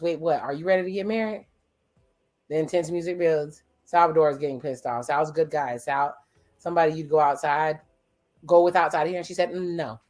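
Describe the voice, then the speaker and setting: Talking back at the screen, a casual watch-along host speaks at a medium pitch with a darkish tone. Their reaction commentary is loose and profane, full of wry exclamations and snappy impressions that retell the on-screen dialogue.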